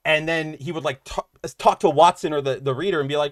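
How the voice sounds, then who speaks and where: Rambling, animated man on a dry mic. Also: fairly high pitch, fast, hardly any pauses, dry recording. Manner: rambling, loses his train of thought, acts out quotes. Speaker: podcast co-host. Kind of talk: casual chat.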